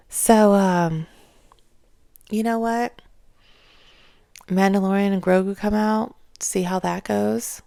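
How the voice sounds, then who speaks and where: A woman vlogger ranting casually about her opinions, animated and mocking. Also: mid-range voice, unhurried, gravelly, long pauses, no room sound. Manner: animated, mocks others in exaggerated voices.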